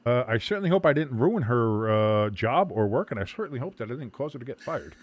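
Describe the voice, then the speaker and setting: A man hosting a live sports watch-along stream, chatting casually and calling plays, loud when the action picks up and muttering asides in between, with some swearing. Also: mid-range voice, fast, dry recording. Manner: excitable, swings from loud play calls to muttered asides, swears. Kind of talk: casual live game commentary.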